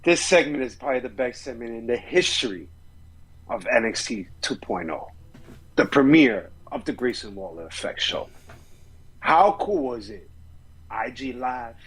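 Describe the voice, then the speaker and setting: A man's voice: medium pitch, very animated, normal speed, fairly bright tone, husky, rough recording. A man co-hosting a wrestling podcast, giving enthusiastic, rambling reviews with casual swearing. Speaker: podcast co-host.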